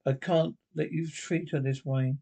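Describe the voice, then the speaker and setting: A woman's voice: low voice, fairly even intonation, a little slow, vocal fry, dark tone, breathy edge, heavily acted. An actress playing an anxious mother who pleads earnestly with her husband, in a 1960s television drama.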